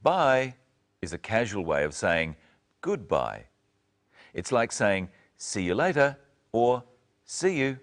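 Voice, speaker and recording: A man with a deep voice presents an English lesson. His speech moves up and down expressively as he carefully models each phrase. The delivery is slow and deliberate. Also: sing-song. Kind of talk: slow, clear teaching narration.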